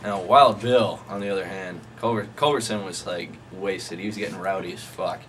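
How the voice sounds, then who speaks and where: A man's voice: sits low, steady tone, normal speed, fairly bright tone. A young man casually telling a rambling, profane anecdote to friends, often laughing as he talks. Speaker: storyteller. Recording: noisy amateur recording.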